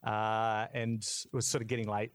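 A man's voice: lowish voice, level tone, moderate pace. A young man, a podcast guest, telling a candid story in casual talk and laughing through it.

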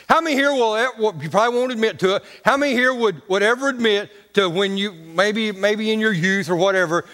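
A male preacher tells stories from the pulpit in a folksy, joking way, his grammar loose and casual. His voice sits fairly high for a man. It rings out with the long reverb of a large church sanctuary. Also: a little fast, few pauses, a bit bright. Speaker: pastor. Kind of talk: storytelling sermon.

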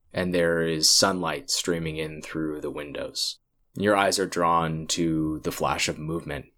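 A man running a tabletop horror game as game master, narrating scenes in a measured, descriptive way. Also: low voice, a bit bright.

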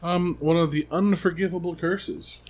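A man co-hosting a casual book podcast, calmly summarizing the plot and agreeing with short replies. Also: on the high side, moderate pace. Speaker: podcast co-host. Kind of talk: casual book recap chat.

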